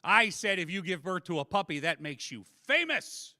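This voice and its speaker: Middle-aged man, stand-up comic, self-deprecating, handheld mic, bright tone. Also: high voice, moderate pace. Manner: self-deprecating, animated storytelling. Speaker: stand-up comedian. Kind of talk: stand-up comedy set. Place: live comedy stage. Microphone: handheld microphone.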